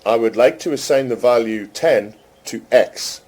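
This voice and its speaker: A man casually chatting with an AI assistant, amused and teasing, speaking slowly and carefully to it. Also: medium pitch, darkish tone. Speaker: host testing a voice chatbot. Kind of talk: casual chat with an AI.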